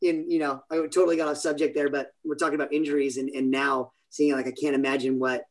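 A man's voice: fairly high pitch, flat delivery, quick pace. A man in his forties from California, telling stories in a rambling, self-interrupting way during a casual interview chat. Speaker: podcast guest.

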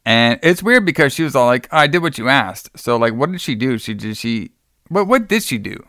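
Smooth-voiced man rambling through a movie recap. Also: medium pitch, big pitch swings, a little fast, fairly bright tone, no room sound, studio quality. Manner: rambling, profane, lots of "like".

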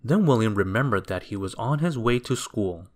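A man reading a children's storybook aloud in a gentle, expressive, unhurried way. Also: fairly low pitch.

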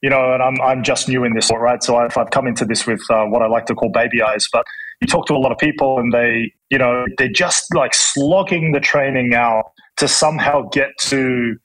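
Husky-voiced Australian man, frank and reflective. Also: mid-range voice, fairly even intonation, normal speed, fairly bright tone, low-quality recording. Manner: reflective, frank, many restarts and "you know" fillers. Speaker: guest, chef and entrepreneur. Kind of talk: casual podcast interview.

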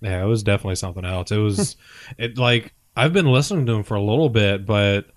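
A man co-hosting a podcast in an excitable, profane, casual way, laughing along with the others. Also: lowish voice, quick pace. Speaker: podcast co-host. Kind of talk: casual joking chat.

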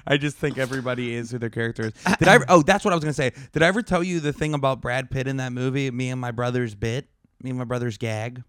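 A man's voice: mid-range voice, racing, fairly bright tone, no room sound. A man co-hosting a comedy podcast in casual chat, swearing freely and stammering through his stories. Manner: profane, stammering storyteller. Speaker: podcast co-host.

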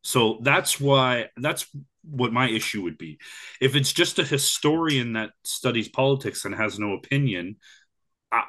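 A man co-hosts a casual talk podcast in a bright, forceful voice. He gives blunt opinions, pausing and restarting as he works out what he means. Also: medium pitch, expressive. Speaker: podcast co-host. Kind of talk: casual chat.

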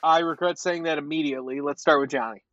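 High-voiced joking man on a podcast. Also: fairly even intonation, fast, fairly bright tone, no echo, muffled recording. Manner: joking, leads the segments. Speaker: podcast host. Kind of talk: casual sports chat.

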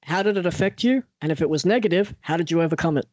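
Young Aussie male podcast host, slightly high voice, animated storyteller, dry close mic. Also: quick pace, no room sound. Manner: animated storyteller, swears freely, acts out quotes. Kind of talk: casual podcast interview.

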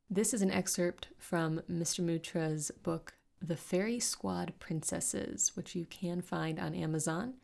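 A woman's voice: on the low side, gravelly. Woman host reading fiction aloud. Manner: cheerful, expressive reading. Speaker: podcast host and narrator. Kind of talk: storybook narration.

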